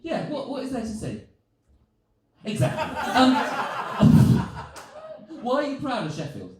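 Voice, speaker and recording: A man's voice: very high voice, wildly swooping pitch, slow, very echoey, distant mic, crowd noise. A man doing stand-up comedy before a live audience, chatty and self-mocking, swearing freely.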